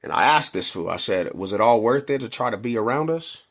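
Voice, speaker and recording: A man's voice: mid-range voice, animated, fairly quick, a bit bright. A middle-aged man from Denver telling a neighborhood story in slangy casual talk, acting out quotes and punches. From Denver, Colorado.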